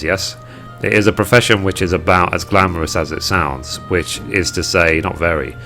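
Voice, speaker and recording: An elegant merchant lady from a game speaks in formal, flowery turns of phrase, as a man reads her aloud. The voice sits low. Faint music plays underneath. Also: fairly bright tone. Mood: wry. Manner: formal, flowery old-fashioned speech. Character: female merchant consignor, elegant and gracious. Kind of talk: reading game dialogue aloud.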